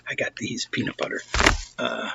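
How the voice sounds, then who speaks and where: A man with a New York accent telling a profane, excitable story while showing off a shopping haul in a casual vlog. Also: measured pace, dull audio, noisy background. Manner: blunt, profane, excitable, with asides and restarts.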